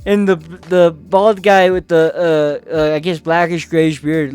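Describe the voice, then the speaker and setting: A man's voice: fairly high pitch, fairly even intonation, measured pace, few pauses, darkish tone, clear, resonant tone, no room sound, faint music behind. A man giving a casual, profane comic recap of a comic, full of fillers and laughter. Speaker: manhwa recap host.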